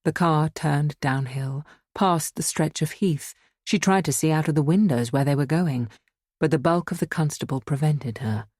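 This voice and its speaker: A woman's voice: low-pitched, normal speed, darkish tone, dry recording, studio quality. A woman reading a horror story aloud as an audiobook narrator, giving the figures their own voices.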